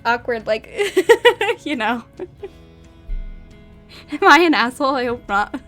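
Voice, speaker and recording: A young woman with a high voice reads a story aloud, then drifts into giggly, chatty asides. She says "like" often, and faint music plays behind her. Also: very animated, slow pace, fairly bright tone. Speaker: streamer reading a story.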